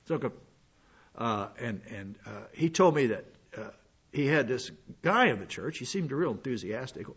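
A man's voice: medium pitch, expressive, moderate pace, a bit bright, breathy edge. An older man preaching a sermon as a pastor, in a folksy, rambling way with many fillers and restarts. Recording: dull lo-fi sound.

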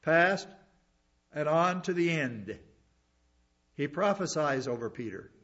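Male preacher, fairly high voice, earnest verse-by-verse sermon, muffled lo-fi recording. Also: animated, slow, a bit bright. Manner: earnest, explains scripture verse by verse with asides. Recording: dull lo-fi sound.

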